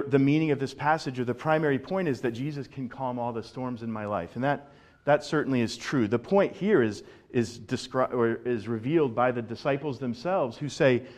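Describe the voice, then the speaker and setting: A male pastor giving a sermon in a conversational, animated way, often repeating words as he builds a point. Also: mid-range voice.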